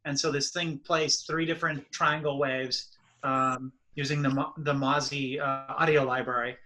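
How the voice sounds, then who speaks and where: A man's voice: medium pitch, little pitch movement, moderate pace, bright, forceful tone, rough recording. A young man co-hosting a casual chat, talking loosely with many fillers and explaining a project step by step. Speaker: podcast co-host.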